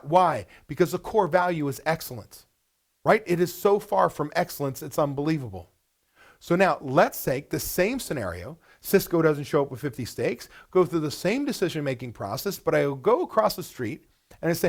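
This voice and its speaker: Male webinar presenter: blunt, animated, with a gravelly edge. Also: a little high, moderate pace. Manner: blunt and animated, asks rhetorical questions. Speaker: restaurant business coach.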